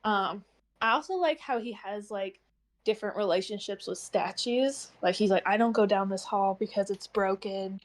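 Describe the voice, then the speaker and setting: A woman's voice: medium pitch, moderate pace. A young woman co-hosting a book club stream, talking animatedly in a casual chat and acting out lines from the story. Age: young adult. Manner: animated, acts out characters' lines with lots of "like".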